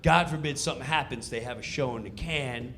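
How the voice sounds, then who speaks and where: A man telling a comic backstage story, excited and theatrical, acting out the scenes as he goes. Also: medium pitch, a little fast. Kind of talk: animated comedic storytelling.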